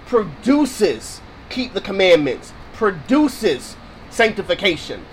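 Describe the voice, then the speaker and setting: A man's voice: high-pitched, fairly bright tone, slight background noise, poor audio. A man preaching on scripture in a casual, emphatic way, repeating his points to drive them home. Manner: casual, informal phrasing. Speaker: Bible teacher.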